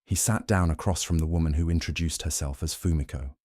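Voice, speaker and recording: A man giving calm, slow, soothing scripted narration of a bedtime story, close to the mic. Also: very deep voice, no echo.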